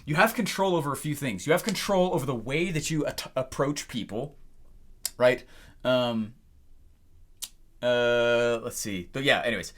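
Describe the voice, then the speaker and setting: This young business coach has a mid-range voice, speaks a little slowly, and pauses often. His energetic talking-head lesson is full of animated stories, with the phone calls acted out along the way.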